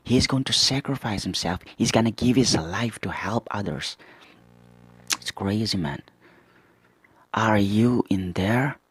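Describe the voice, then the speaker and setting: A man hosting a manga reaction, reading character lines aloud and commenting with excited asides. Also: fairly low pitch, normal speed, husky, dry recording.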